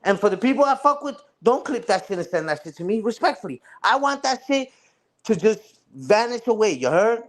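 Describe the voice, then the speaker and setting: A man's voice: high-pitched, sing-song, fairly quick. A man ranting casually on a livestream, taunting and repeating himself. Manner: taunting, repetitive, says "respectfully" and "you heard".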